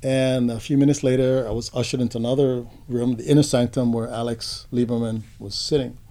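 An older man being interviewed, telling stories from his career in a relaxed, reflective way with frequent fillers. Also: medium pitch, brisk. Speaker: interview guest, photographer.

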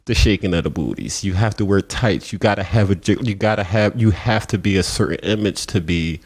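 A man's voice: fairly quick, husky. A man telling a story in conversation and acting out the people in it with big jumps in voice. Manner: animated, acts out quoted voices with big pitch jumps. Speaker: community coach and mentor.

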